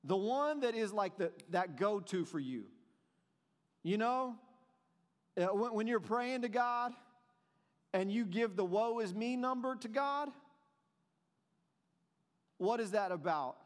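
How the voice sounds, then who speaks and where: A man preaching a sermon, moving between soft, drawn-out passages and emphatic, animated questions. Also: high-pitched, in a large hall. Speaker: pastor.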